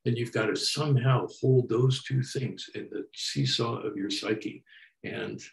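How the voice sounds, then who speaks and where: An older man of middle pitch talks through his thoughts in an earnest, halting way, often restarting a phrase. His voice sits in a roomy, echoing space on a video call. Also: very animated, vocal fry. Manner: earnest, halting, repeats words as he thinks. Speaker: photographer guest. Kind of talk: candid reflective conversation.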